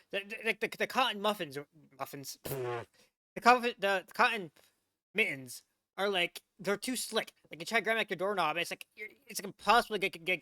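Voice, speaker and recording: A rambling American man reacting to a video, his voice bright and forceful. He trips over his words, repeats himself and stuffs "like" into every sentence. The sound is close and dry, with no room around him. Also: sits high, dry recording. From United States. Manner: rambling, stammering restarts, heavy use of "like"; incredulous, swearing. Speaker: VTuber reaction host. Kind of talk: casual reaction commentary.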